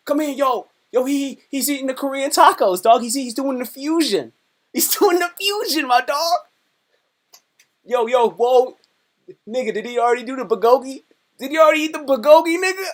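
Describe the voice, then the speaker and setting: A man putting on the voices of rowdy, excited young male roommates who shout slang at each other. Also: extremely high pitch, normal speed, pitched above the performer's own voice. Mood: hyped.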